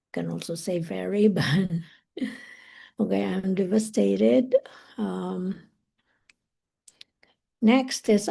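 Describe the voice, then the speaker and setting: A woman teaching English on a live stream, relaxed and thinking aloud, slowing down on each phrase she teaches. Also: mid-range voice, creaky.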